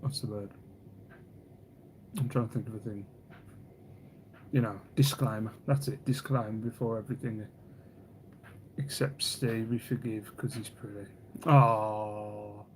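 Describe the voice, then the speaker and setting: A man's voice: fairly low pitch, steady tone, measured pace, pauses often, slight background noise. A man hosting a casual live stream, rambling, teasing, and reading viewer comments aloud. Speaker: livestream host.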